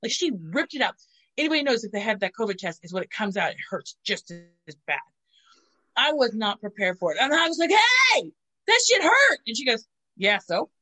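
Bright-voiced woman telling crude stories. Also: mid-range voice, fairly quick. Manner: crude, animated storytelling with voiced quotes. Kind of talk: casual chat.

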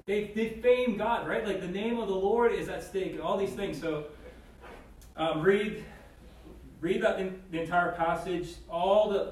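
A man giving a casual Bible teaching, talking conversationally with many "like" and "right?" asides. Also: high-pitched. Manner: acts out voices in quotes. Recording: very echoey room, distant mic, faint noise.

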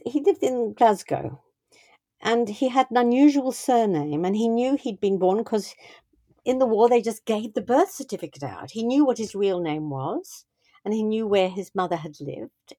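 A woman's voice: mid-range voice, warm tone, no room sound, studio quality. An older woman talking through parenting, telling a family story in a thoughtful, conversational way with frequent restarts. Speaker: guest speaking on parenting.

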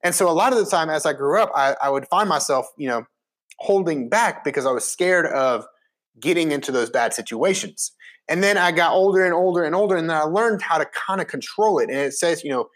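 A man in his twenties telling a casual personal story, chatty and animated with many fillers and restarts. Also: on the high side, a little fast. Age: 20s.

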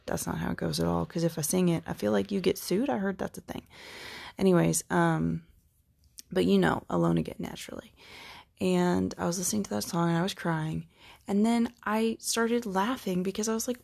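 A woman's voice: on the low side, fairly even intonation, moderate pace, vocal fry, a little mellow. A woman talking to camera in a casual, candid and profane monologue, slipping often into quoted self-talk, emotionally worn. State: emotionally worn, crying daily.

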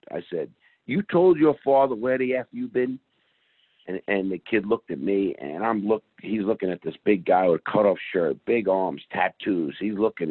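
A man's voice: low-pitched, husky, no room sound. A middle-aged man guest telling a story in an interview in a blunt, streetwise way. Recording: phone-like call audio.

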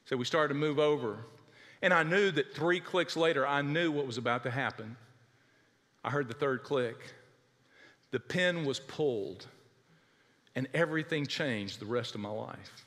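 Bright animated male preacher. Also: medium pitch, normal speed, long pauses, long reverb tail. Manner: animated, dramatic storytelling. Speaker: pastor. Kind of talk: storytelling sermon.

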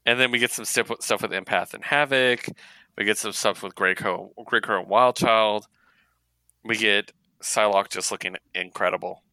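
Bright-toned man reviewing comics. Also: lowish voice, normal speed, clear, resonant tone, dry recording. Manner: animated, laughs often, acts out character lines. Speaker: podcast co-host. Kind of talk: casual comic book review chat.

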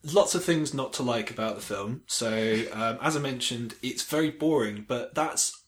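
A man's voice: mid-range voice, moderate pace. A man co-hosting a casual film-discussion podcast, chatting in a dry, wry way. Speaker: podcast co-host.

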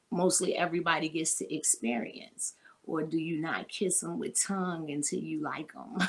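A woman hosting a podcast, talking bluntly and explicitly and quizzing her listeners. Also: lowish voice. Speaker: podcast host. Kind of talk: casual frank talk with listeners.

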